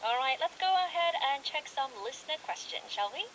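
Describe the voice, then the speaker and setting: A woman hosting a radio English show. She switches quickly between Korean and slow, carefully spelled English. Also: sits high, animated, a bit bright. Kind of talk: bilingual radio chat. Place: radio studio. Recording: dull radio broadcast with faint hiss.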